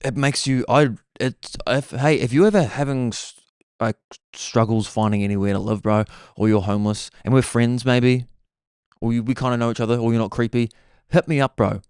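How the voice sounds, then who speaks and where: A young man delivers a laid-back, rambling podcast monologue peppered with "bro." He speaks at a moderate pace with a steady, medium-pitched, darkish voice, recorded clean and dry in studio quality.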